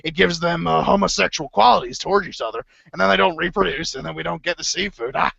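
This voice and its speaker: A man's voice: a little high, fast talker, creaky, a crowd in the background. A man playing a blustering middle-aged conspiracy radio host who rambles, stammers and corrects himself. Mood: rambling. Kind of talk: improvised comedy impression. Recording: dull lo-fi stream audio.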